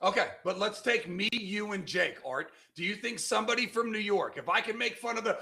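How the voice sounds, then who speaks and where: A middle-aged man from California hosting a casual sports podcast, loud and emphatic, arguing his points. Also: sits high, a little fast, gravelly, few pauses. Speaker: podcast host.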